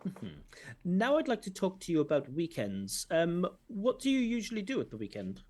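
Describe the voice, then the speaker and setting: A man's voice: high-pitched, wildly swooping pitch, moderate pace, darkish tone. Frank male examiner giving feedback. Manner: frank, corrective teaching tone. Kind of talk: commentary on a recorded speaking test. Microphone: video call.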